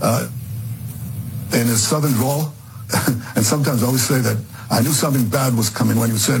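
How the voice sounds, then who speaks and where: A man giving a remote interview, speaking earnestly and haltingly, often repeating himself. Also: mid-range voice, steady tone, creaky, slight background noise, poor audio. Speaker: interview guest.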